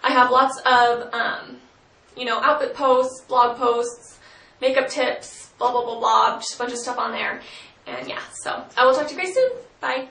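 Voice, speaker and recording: A woman's voice: fairly high pitch, moderate pace, fairly bright tone, slight background noise. A young woman vlogger giving casual hair-care tips, chatty and full of "um" and "like". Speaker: beauty vlogger. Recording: roomy sound from a distant mic.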